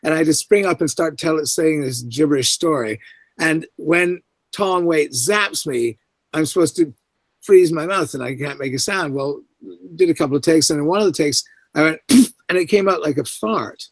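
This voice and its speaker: A middle-aged man telling a story from a film set, his voice sitting a bit high for a man. He lively acts out the people he quotes with big jumps in pitch. The sound is dry and close, with almost no room around it. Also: moderate pace, no room sound. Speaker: actor, interview guest. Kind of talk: anecdotal storytelling.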